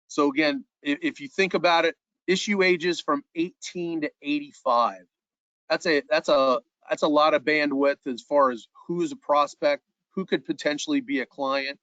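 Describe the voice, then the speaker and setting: A man's voice: on the high side, fairly bright tone, no room sound, dull audio. Earnest man presenting a sales webinar. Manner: earnest, repeats words as he restarts phrases.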